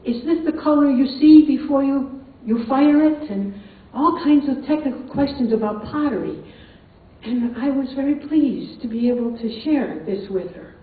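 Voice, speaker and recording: Older woman storyteller, chatty and amused; tinny sound, very echoey hall, far from the mic. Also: high voice. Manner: chatty, amused, laughs often. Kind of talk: live personal storytelling. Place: performance hall.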